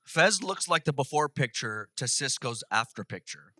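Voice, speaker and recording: A man's voice: mid-range voice, lively intonation, moderate pace, sharp tone, dry recording, clean studio sound. A man doing a short roast set as a guest comic, tipsy, hesitant and full of fillers. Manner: hesitant, mumbles fillers, laughs at own jokes.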